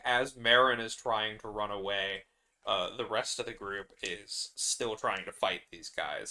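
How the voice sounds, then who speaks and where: Bright-voiced man narrating a solo game. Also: on the low side. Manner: rambling, laughs often, many fillers. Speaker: solo tabletop game player.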